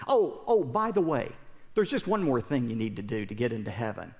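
A man's voice: mid-range voice, a little fast, darkish tone, long reverb tail, voice pushed down, close to an everyday voice. A man voicing a wry adult male teacher who speaks in a dry, mock-impressed way. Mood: teasing.

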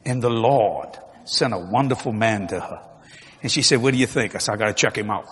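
A man preaching a sermon with jokes, swinging from low murmurs to loud shouts. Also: a little fast, a little hiss or hum. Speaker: pastor. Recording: long hall reverb, faint ambience.

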